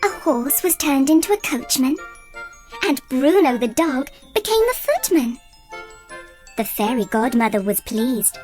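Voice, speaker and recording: Slow, expressive woman reading a fairy tale. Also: high voice. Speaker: storyteller. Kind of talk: children's read-aloud narration. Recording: soft music bed under voice.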